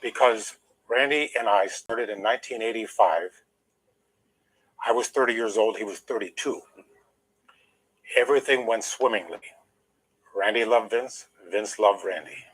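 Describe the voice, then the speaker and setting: A man's voice: lowish voice, measured pace, pauses often, a bit bright, breathy edge, rough recording. An older man, an interview guest, telling a long personal story in an emphatic, aggrieved way while holding back emotion.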